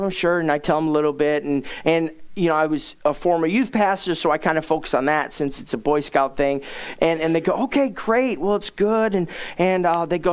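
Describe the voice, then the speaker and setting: During a sermon, a middle-aged pastor tells a funny personal story, animated and self-mocking, acting out the people he quotes. His voice is high, smooth, and fairly quick.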